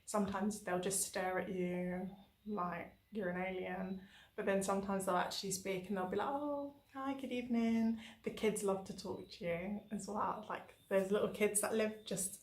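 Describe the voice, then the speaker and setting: A woman's voice: mid-range voice, moderate pace, echoey room. A woman from England chatting casually in a travel diary vlog, telling stories with lots of fillers. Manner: chatty, animated storytelling with many fillers. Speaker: travel vlogger.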